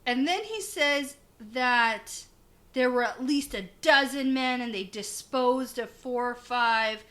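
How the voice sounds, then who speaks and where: Bright-voiced giggly woman podcast co-host. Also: fairly high pitch. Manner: chatty, giggly, quick tangents. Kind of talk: casual chat.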